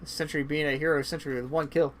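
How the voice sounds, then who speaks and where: A man giving casual, chatty play-by-play commentary on a strategy game match, swinging into excited bursts, and sounding tired. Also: fairly high pitch, fast talker, slight background noise. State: yawning, tired. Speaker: esports caster.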